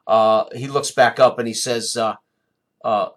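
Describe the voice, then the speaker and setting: A man narrating a tabletop game as game master, halting, with many fillers and restarts. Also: mid-range voice, steady tone.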